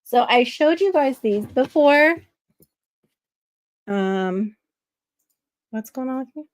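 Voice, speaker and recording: A woman's voice: sits high, animated, takes it slowly, dry recording, clean studio sound. Chatty nasal woman hosting a livestream. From Florida. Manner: chatty, reads viewer comments and answers them aloud. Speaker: livestream host. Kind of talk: casual livestream chat with viewers.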